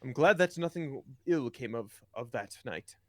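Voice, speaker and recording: A man as a friendly, halting adventurer. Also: medium pitch, lively intonation, a bit bright, no room sound, studio quality. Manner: halting, repeats words, chuckling.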